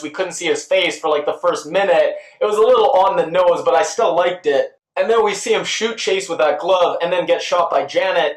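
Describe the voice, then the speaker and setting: High-voiced man reviewing a TV episode. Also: reverberant. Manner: chatty, quotes characters in quick put-on voices. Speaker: TV recap reviewer. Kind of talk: casual spoken review.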